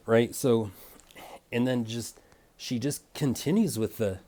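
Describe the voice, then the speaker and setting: A man's voice: medium pitch, takes it slowly, long pauses, dark tone. A young man telling an irritated story about a bad haircut, imitating clipper buzzing as he goes. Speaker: vlogger. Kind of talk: casual rant.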